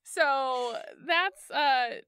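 Bright-voiced woman, chatty podcast co-host. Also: high-pitched. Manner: chatty storyteller, quick asides and laughs. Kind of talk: casual chat.

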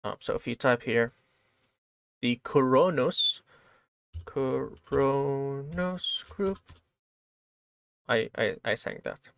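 Dude teaching coding basics, medium voice, super dry mic, keeps saying right?. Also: male voice, mid-range voice, flat delivery, measured pace, creaky, pauses often, fairly bright tone, dry recording. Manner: casual, explains step by step, keeps asking "right?". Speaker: programming teacher. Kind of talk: screen-share coding lesson.

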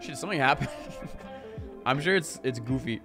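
A young man in his twenties rambling casually to his live-stream chat, animated and full of "like" and swearing. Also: mid-range voice, normal speed, over music.

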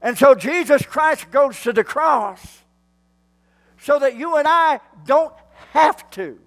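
A male pastor, preaching a sermon slowly and building to fervent shouts. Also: extremely high pitch, expressive.

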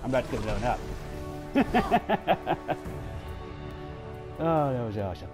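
A man giving excitable, swearing let's play commentary while gaming and talking to his teammates. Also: medium pitch, racing. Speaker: gamer. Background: game music and sound effects.

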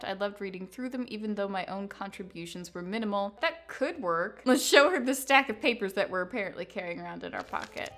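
A woman reading a story aloud over gameplay, with playful asides and musing out loud. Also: medium pitch. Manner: playful, laughs at herself, muses aloud. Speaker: game storyteller.

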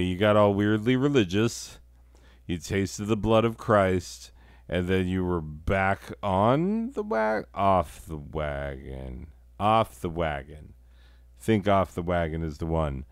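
A man's voice: low voice, no echo, studio quality. A man hosting a comedy show in a crude, profane, rambling monologue. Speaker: host.

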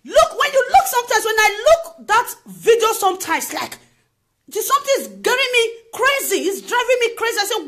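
Very high-voiced Nigerian woman vlogging. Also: big pitch swings, moderate pace, fairly bright tone. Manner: emphatic, repeats phrases, piles up rhetorical questions. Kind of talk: impassioned opinion monologue to camera.

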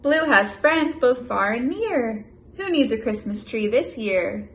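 A young American mother vlogs at home, chatting casually and reading a children's picture book aloud with lively sound effects. Her voice sits on the high side, and she speaks slowly.

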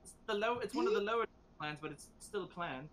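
A sly young woman student floating a scheme in an offhand way, as a man plays her. The tone is bright and forceful, slightly high for a man, with a little faint noise behind. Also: lively intonation, quick pace. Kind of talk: tabletop role-play voicing.

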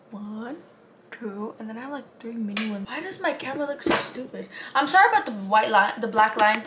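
A woman's voice: a little high, echoey room. A young woman talking casually to her camera in a vlog, chatty and swearing now and then, slipping Spanish words into her English. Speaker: vlogger. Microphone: handheld camera. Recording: camera mic with clear background noise.

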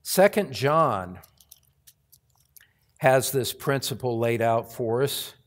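Slow, emphatic preaching pastor, man. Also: mid-range voice, lively intonation. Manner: emphatic preaching, swelling on repeated lists. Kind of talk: sermon. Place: church sanctuary.

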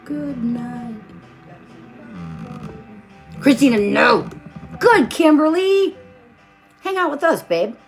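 A woman's voice: sits high, lively intonation, takes it slowly, vocal fry, pauses often, soft background music. A tired woman hosting a live stream, chatting casually while she crafts and greeting viewers by name with pet names.

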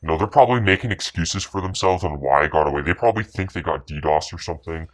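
A man talks fast in a low voice as he commentates his own gameplay. He's a boastful, foul-mouthed gaming commentator whose contemptuous trash talk toward other players is packed with recurring catchphrases.

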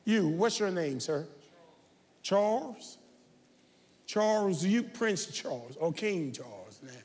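A man preaching a sermon as pastor, talking straight to his congregation and building to shouted, confrontational calls. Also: sits high, animated, takes it slowly, slightly rough. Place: large church sanctuary. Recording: reverberant church sanctuary.

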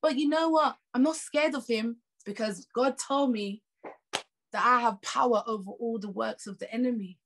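A woman's voice: a little high, moderate pace, fairly bright tone. A woman with a British accent delivering a sermon in an emphatic, conversational voice. She repeats her key lines and builds intensity, with casual asides. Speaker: preacher.

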